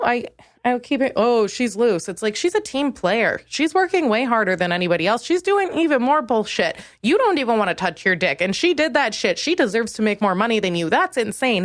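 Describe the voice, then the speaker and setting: A woman comedian hosting her own podcast, delivering a crude, acerbic monologue that keeps leaping up in pitch. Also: no room sound, studio quality. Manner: crude, acerbic ranting with sudden high jumps in pitch.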